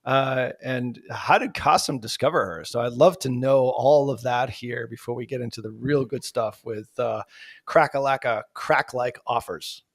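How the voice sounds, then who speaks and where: A man's voice: mid-range voice, moderate pace, gravelly, hardly any pauses, dry recording. Man, American accent, podcast host, casual banter, dry sound. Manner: jokey, rambling with fillers.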